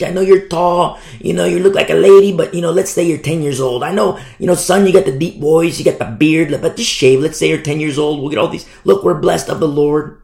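A man's voice: on the high side, gravelly, darkish tone. A man putting on a smug, rambling churchgoing parent in a mocking tone. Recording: echoey room.

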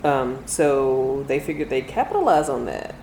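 Opinionated chat guest, mid pitch, echoey room. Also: expressive, normal speed, creaky, darkish tone, slight background noise. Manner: opinionated, blunt. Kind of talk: casual chat.

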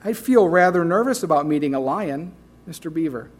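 A nervous young girl from a storybook hesitates and stammers over her words. A man reads her lines in close to his own higher voice. The reading is plain, with no attempt at an accent. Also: expressive, a little fast.

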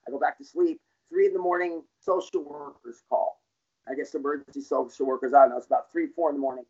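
He talks fast in a slightly high, slightly rough voice with a darkish tone. A middle-aged man being interviewed, he tells his life story candidly and bluntly, full of profanity and plain street talk, on a dull lo-fi recording.

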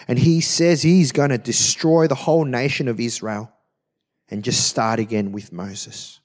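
A man preaching a sermon, reading scripture aloud and retelling it in an expressive, conversational way. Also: medium pitch. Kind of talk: sermon, Bible teaching.

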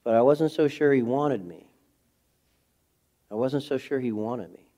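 A pastor giving a sermon, earnest and confessional, swinging from a hushed intimate tone to fervent preaching. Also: male voice, medium pitch, a little slow. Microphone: speaking to a camera.

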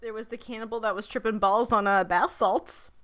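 A woman co-hosting a travel podcast in casual chat, teasing her co-host in quick, playful banter. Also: a little high, fairly even intonation.

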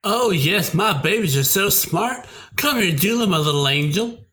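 A man's voice: high voice, animated, moderate pace, bright, forceful tone. An actor reading a contemptuous male commander who barks orders, at a fan-script table read. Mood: doting.

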